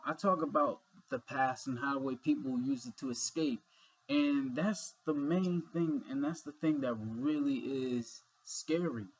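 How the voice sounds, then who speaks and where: A young man talks straight to camera in a loose, rambling way, leaning on "you know" and the odd curse word. His voice is somewhat husky and he sounds sleepy. It is a dull, lo-fi home recording. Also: mid-range voice. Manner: rambling, earnest, with frequent fillers and swearing. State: sleepy, yawning. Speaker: vlogger. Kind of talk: casual monologue.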